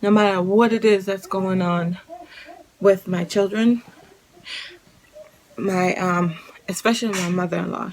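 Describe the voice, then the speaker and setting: Jamaican mom in her 30s vlogging at home, slow and rambly, repeats stuff. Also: medium pitch, fairly even intonation. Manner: rambling, repeats herself, talks in bursts with sudden loud calls. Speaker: family vlogger. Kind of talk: casual vlog chat to camera. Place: at home, indoors.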